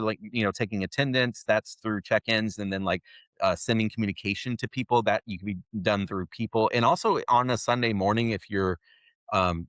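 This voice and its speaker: A man giving casual interview answers in a fairly low voice, pausing and restarting as he works out his points. The sound is dry and close. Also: a bit bright, no room sound. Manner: halting, with many fillers and restarts. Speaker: software company guest.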